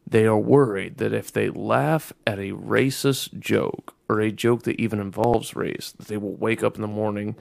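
A man's voice: lowish voice, vocal fry, no room sound. A man chatting casually as a podcast co-host, ranting sarcastically and swearing a lot. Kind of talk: casual chat.

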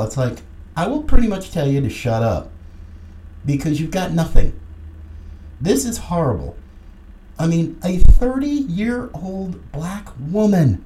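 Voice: mid-range voice, a little slow, slight background noise. A middle-aged podcast host giving a combative, sarcastic political commentary monologue. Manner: combative and sarcastic, lively emphasis. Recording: roomy echoey room.

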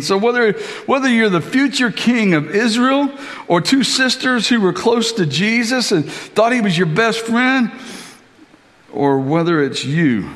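A male pastor delivering an animated sermon, swinging between soft, low passages and emphatic raised lines. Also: in a large hall.

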